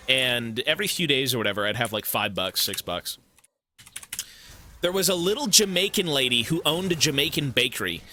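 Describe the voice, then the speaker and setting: A man's voice: on the high side, bright, forceful tone, a little hiss or hum. A man from Canada streaming a game, chatting casually in a rambling, profane, joking way. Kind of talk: casual chat while gaming.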